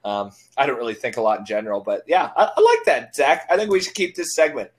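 A man hosting a casual podcast chat, joking and rambling, quick to laugh. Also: mid-range voice, sing-song. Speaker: podcast host.

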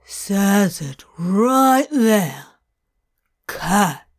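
A woman's voice: mid-range voice, lively intonation, a little mellow. A woman playing a smug demon clerk. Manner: slow, huffy, smug. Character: indignant gloating male demon clerk. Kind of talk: audiobook fanfic reading.

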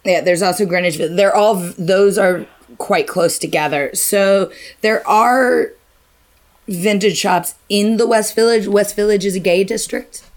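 A woman's voice: medium pitch, unhurried. A young woman co-hosting a casual chat, asking questions with dry humour.

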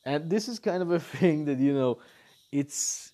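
A man giving casual reaction commentary on a manga chapter, animated and incredulous, firing off rhetorical questions as he rants. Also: on the high side, a little slow.

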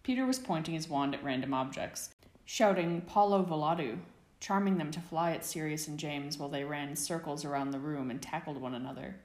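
A woman narrating a fan fiction story aloud in an even storytelling manner. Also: low voice, a little fast, hardly any pauses. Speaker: audiobook narrator. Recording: echoey room.

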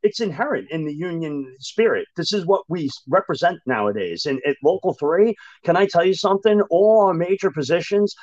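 A man speaking as a union manager and podcast guest, talking frankly and emphatically in an animated conversation. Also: on the high side, a little fast, few pauses, no echo. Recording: dull lo-fi dry sound.

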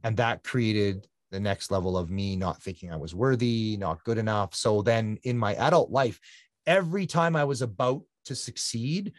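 Low-voiced man telling his story earnestly. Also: normal speed, no room sound, studio quality. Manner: earnest, repeats phrases for emphasis. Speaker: guest, endurance athlete. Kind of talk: reflective conversational storytelling.

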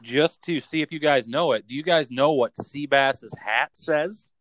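A man's voice: on the high side, fairly bright tone, rough recording. Joking young man hosting from home. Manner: joking, reads lists rapid-fire. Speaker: podcast host. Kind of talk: casual podcast banter. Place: home bedroom office.

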